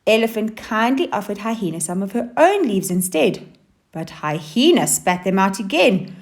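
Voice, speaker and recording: A woman teacher reads a children's story aloud in an expressive, animated storybook style. Her pitch moves a lot as she reads, while her voice stays mid-range. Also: unhurried. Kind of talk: storybook narration.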